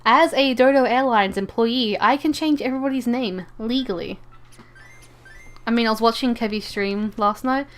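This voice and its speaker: Playing a game on a live stream, this woman rambles playfully to her viewers and to game characters, stumbling and repeating herself often. Her voice is on the high side, at normal speed.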